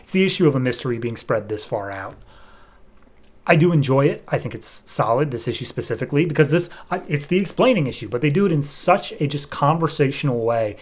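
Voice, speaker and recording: Chatty man casually reviewing on a podcast. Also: medium pitch. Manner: loose and chatty, many fillers like "like" and "um". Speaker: podcast host reviewing comics.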